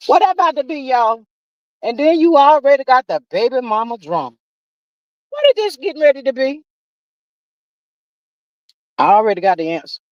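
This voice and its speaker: A woman's voice: sits high, sing-song, moderate pace, long pauses, no room sound, highs cut off. A woman hosting a casual livestream, chatting with viewers in a folksy way and calling them "child" and "honey.". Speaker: livestream host. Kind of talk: casual livestream chat, reading viewer comments.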